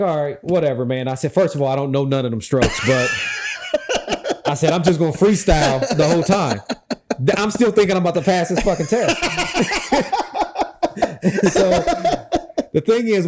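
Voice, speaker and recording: A man telling a funny personal story in a casual chat, animated, laughing often and swearing freely. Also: mid-range voice. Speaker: guest, former Secret Service officer.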